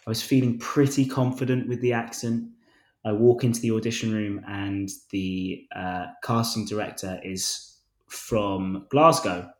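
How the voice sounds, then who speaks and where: A man's voice: on the low side, steady tone, a little slow. A man in his twenties, an actor guest on a podcast, telling self-deprecating stories in a casual, rambling way with frequent restarts. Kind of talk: casual interview chat. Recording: roomy echo.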